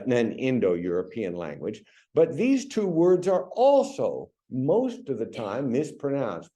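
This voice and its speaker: American man, middle-aged professor, lively, warm and mellow delivery in a chatty public lecture. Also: mid-range voice. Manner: chatty, animated when coaching pronunciation. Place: lecture venue.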